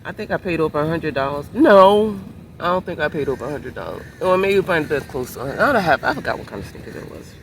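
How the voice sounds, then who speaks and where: A woman's voice: deep voice, quick pace, a little hiss or hum. A woman vlogger telling a casual storytime in a chatty way, sitting in a minivan by the beach. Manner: animated, chatty storytelling with exclamations.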